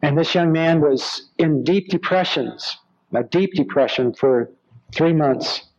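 A man's voice: a little high, takes it slowly. Man telling stories in a sermon. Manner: animated storyteller, acts out quoted voices. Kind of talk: sermon storytelling. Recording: slightly dull lo-fi recording.

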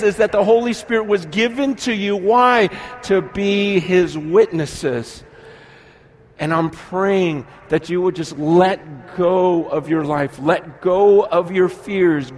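A middle-aged man preaching a sermon as pastor, animated, swinging from soft asides to shouting. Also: high-pitched, slight background noise.

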